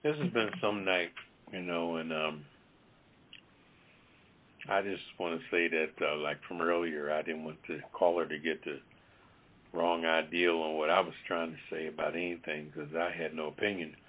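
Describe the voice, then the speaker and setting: A man co-hosting a talk show, speaking in a calm, measured, even-handed way. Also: rumbling low. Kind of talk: casual talk show chat. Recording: tinny phone-line audio.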